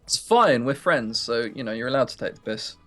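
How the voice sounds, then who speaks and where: A man's voice: mid-range voice, expressive, a little fast, a bit bright, faint music behind. A young man from Sussex with a southern English accent, hosting a game stream in casual, joking chat and laughing often. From Sussex, England. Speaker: let's play host.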